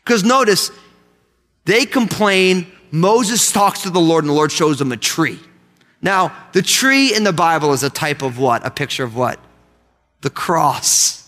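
A man preaching a sermon to his church, animated and leading the congregation in call-and-response. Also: on the high side. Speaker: pastor. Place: church sanctuary. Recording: long hall reverb.

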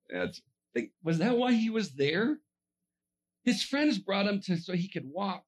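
A man preaching a sermon, telling a story with lively energy, acting out characters in funny voices and laughing often. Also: high voice, a little slow, pauses often.

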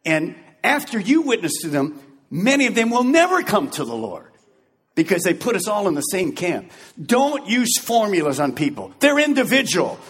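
A male pastor delivers a lively, joking sermon and acts out little scenes. His voice sits high and swings widely, with a husky edge. A long reverb from a large hall trails behind him. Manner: animated and joking, acting out scenes.

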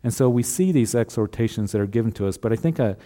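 A man's voice: medium pitch, expressive, fast talker, mellow. A man preaching a sermon as a pastor, earnest and repeating rhetorical questions to the congregation.

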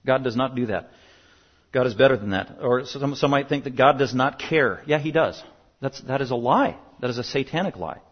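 A man preaching a sermon as pastor, emphatic and building to loud bursts on his main points. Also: mid-range voice, moderate pace, husky. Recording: dull lo-fi sound.

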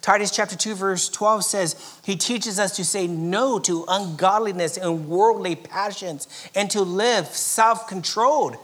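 A man from Southern California preaching a sermon, swinging from loud emphatic lines to soft, almost whispered passages, with chuckles along the way. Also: high voice, a little slow, hardly any pauses. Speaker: pastor.

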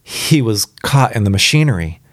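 A man voicing an uneasy, formal messenger who speaks quietly in a live story reading. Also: deep voice, moderate pace, no room sound, clean studio sound, close to an everyday voice. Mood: somber. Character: uneasy formal male messenger, grave and restrained.

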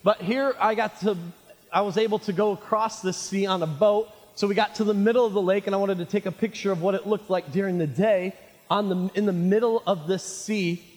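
A male pastor preaching a sermon, animated and jokey, calling his listeners friends. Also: high voice, a little fast. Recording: reverberant hall.

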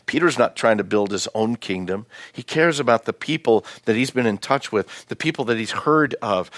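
A pastor preaching a sermon, in a folksy, conversational way with asides to the congregation. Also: male voice, medium pitch, a bit bright, no echo, clean studio sound.

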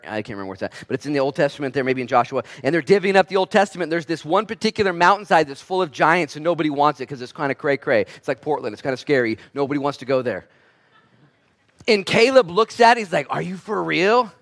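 A man preaching a sermon as pastor, swinging between loud emphatic bursts and quiet asides, and acting out voices in quoted lines. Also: mid-range voice.

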